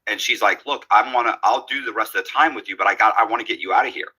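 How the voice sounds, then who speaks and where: A man tells a long story casually and animatedly, acting out the quoted lines of the people in it. His fairly low, slightly rough voice races along. The recording is low quality.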